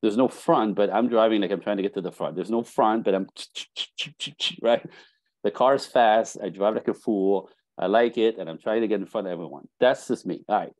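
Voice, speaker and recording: A middle-aged man, a dating coach, telling lively stories on a podcast and acting out bits of dialogue. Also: on the low side, brisk, dry recording. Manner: animated storytelling, acting out dialogue. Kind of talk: casual podcast conversation.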